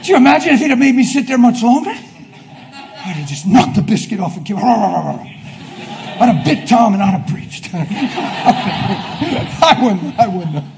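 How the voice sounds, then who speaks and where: A man preaches with fervent energy in a notably high voice, his delivery swinging from shouted declarations to quiet, intimate asides. Faint noise hums beneath the recording. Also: very animated, unhurried, gravelly. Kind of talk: sermon.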